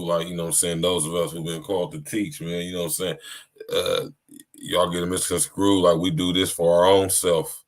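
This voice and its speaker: Deep-voiced man preaching on a podcast. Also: fairly even intonation, moderate pace. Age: 30s. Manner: preachy, repeats "you hear me" and "man". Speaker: podcast host. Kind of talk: casual live-stream monologue.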